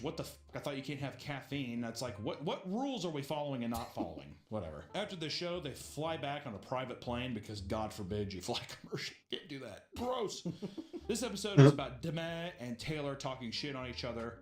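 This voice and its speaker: A man's voice: medium pitch, dark tone, roomy sound. A man streaming casual, sarcastic commentary on a reality show, laughing often and swearing.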